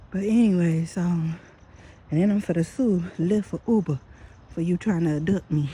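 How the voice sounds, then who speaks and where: A woman telling a story in casual, profane, animated talk while walking outdoors at night, speaking into a phone. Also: on the low side, moderate pace, slightly rough. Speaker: vlogger. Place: outdoors on a dark street at night.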